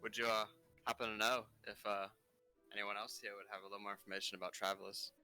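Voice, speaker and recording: A man playing a tabletop game, halting and full of fillers as he speaks. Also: lowish voice, flat delivery, sharp tone, clear, resonant tone, soft background music, low-quality recording. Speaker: player. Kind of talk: casual tabletop play.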